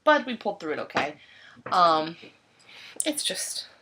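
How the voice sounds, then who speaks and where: A woman's voice: on the low side, big pitch swings, a little slow, a bit bright, slight background noise. A young woman in her twenties, chatting casually into her laptop webcam at home at night, rambling and correcting herself as she goes. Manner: rambling, self-correcting, chatty with quoted asides. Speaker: English teacher in Japan. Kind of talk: casual vlog chat.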